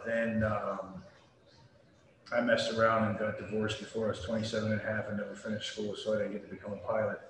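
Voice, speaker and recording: A middle-aged man, a retired Air Force veteran, telling his story bluntly and at length in an interview, with salty language. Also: on the low side. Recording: very echoey room with faint noise.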